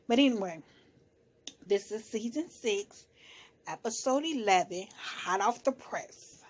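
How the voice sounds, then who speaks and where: Female vlogger, casual recap talk, slangy, animated delivery. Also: medium pitch, slow pace. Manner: chatty, animated, slangy, shifts into quoted voices.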